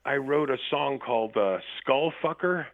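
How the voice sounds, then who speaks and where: A man's voice: mid-range voice, unhurried, no room sound. A man talking as a guest musician in a radio interview, telling loose, profane anecdotes with laughs mixed in. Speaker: band member guest. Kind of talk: casual interview storytelling. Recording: tinny phone line.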